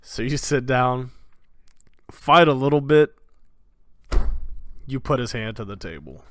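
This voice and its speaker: A man's voice: medium pitch, measured pace, dry recording. Laid-back male dungeon master with a dry sound. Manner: loose, laughing narration with lots of "like". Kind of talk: narrating a tabletop game.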